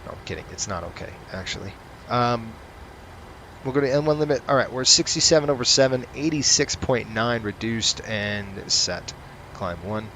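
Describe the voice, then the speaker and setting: A man's voice: medium pitch, animated, normal speed, sharp tone, slight background noise, poor audio. Guy narrating his flight sim run, chatty and sarcastic, reading off checklists. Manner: chatty, rants sarcastically between checklist callouts. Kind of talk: casual gameplay commentary.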